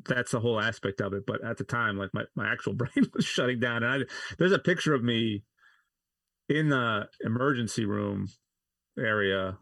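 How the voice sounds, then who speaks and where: A man's voice: medium pitch, moderate pace, gravelly, fairly bright tone, no echo. A man, likely in his thirties, as a podcast guest telling personal stories in a rambling way, with many "like" fillers and restarts. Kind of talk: casual interview storytelling.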